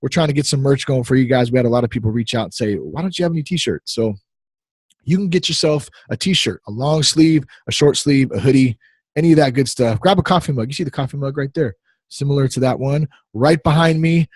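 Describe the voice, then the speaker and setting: A man's voice: medium pitch, brisk, a little mellow, husky, dry recording. A man in his thirties hosting a podcast, talking casually in a rambling, easily distracted, playful way. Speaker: podcast host.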